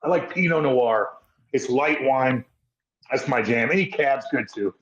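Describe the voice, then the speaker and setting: A man's voice: mid-range voice, a little slow, a bit bright. A man co-hosting a podcast, talking bluntly and irritably with lots of swearing, from a hotel room. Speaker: podcast co-host. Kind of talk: casual podcast chat. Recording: roomy, dull lo-fi sound.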